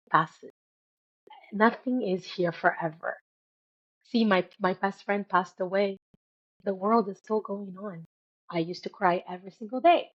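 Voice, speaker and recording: A woman's voice: mid-range voice, slightly rough. Woman interview guest, earnest emphatic delivery, muffled lo-fi audio. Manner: earnest, emphatic, repeats key words. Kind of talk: motivational interview talk.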